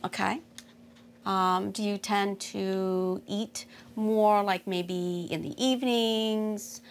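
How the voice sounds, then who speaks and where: A woman therapist with a gravelly, creaky voice leads an intake session. She asks questions in a calm, patient, steady way, with a faint hiss behind her. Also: mid-range voice, slow.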